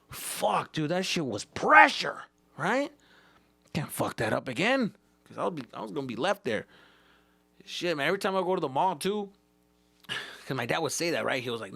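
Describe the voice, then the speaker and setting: A man, a comedian hosting his own podcast, tells profane, animated stories from his childhood and acts out the scenes as he goes. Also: on the high side, moderate pace, gravelly, long pauses, husky, no room sound. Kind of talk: profane comedic storytelling monologue.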